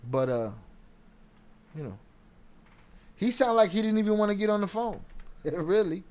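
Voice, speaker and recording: A man's voice: high voice, very animated, measured pace, a little mellow. A man giving loose, slangy, profane commentary as a streamer. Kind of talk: casual commentary.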